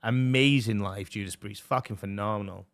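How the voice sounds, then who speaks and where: Excitable young man, lowish voice. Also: normal speed, creaky. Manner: excitable, heavy swearing, lots of fillers. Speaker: streamer. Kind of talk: casual chat.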